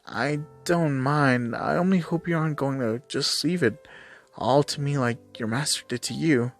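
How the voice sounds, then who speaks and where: A man's voice: medium pitch, moderate pace, soft background music, close to an everyday voice. A man reading fan fiction aloud, voicing a troubled teenage boy hero who is hesitant, defensive and now and then sarcastic.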